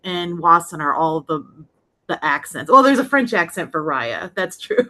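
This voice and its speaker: A woman's voice: lowish voice, sharp tone. A woman hosting an online script reading and narrating its stage directions, upbeat and laughing often.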